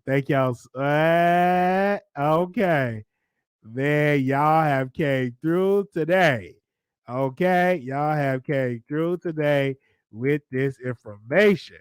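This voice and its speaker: A man's voice: medium pitch, no room sound, clean studio sound. A man with a Southern US accent hosting a live call-in talk show, chatty and repetitive, laughing often. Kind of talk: casual live call-in commentary.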